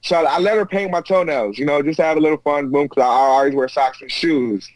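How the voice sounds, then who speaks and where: An American man telling stories as a guest over a video call, animated and quick to act out what people said. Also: a little high, no room sound. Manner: animated, acts out quotes, frequent restarts. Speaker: guest, UFC fighter. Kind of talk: casual storytelling chat. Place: remote video call from home.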